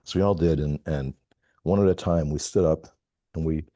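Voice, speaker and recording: A middle-aged man on a video call, telling a personal story in a halting, reflective way with many pauses. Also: extremely low pitch, warm tone, dry recording. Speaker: call participant. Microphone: video call mic.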